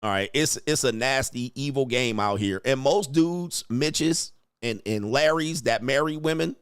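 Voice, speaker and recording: A man hosts a livestream, full of crude, slangy banter and frequent laughter. His voice sits in a middle pitch and is recorded close and dry, with no room sound around it. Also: a little slow, clear, resonant tone, no echo. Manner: brash, slangy, laughing, acts out mocking voices. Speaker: livestream host. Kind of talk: crude casual livestream commentary.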